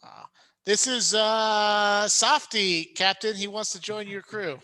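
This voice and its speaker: A player in a tabletop game, quick and offhand, chuckling between lines. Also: mid-range voice, fairly even intonation, sharp tone.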